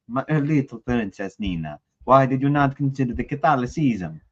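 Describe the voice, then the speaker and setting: A man's voice: medium pitch, lively intonation, normal speed, dull audio, close to an everyday voice. A man doing a tiny Italian guardian angel. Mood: coaxing. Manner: bad Italian accent, sing-song.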